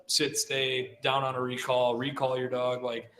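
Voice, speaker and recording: A middle-aged man who handles avalanche dogs gives a casual talk to a live audience, relaxed and chatty with lots of "like" fillers. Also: mid-range voice, measured pace. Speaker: guest speaker, avalanche dog handler. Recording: roomy hall sound.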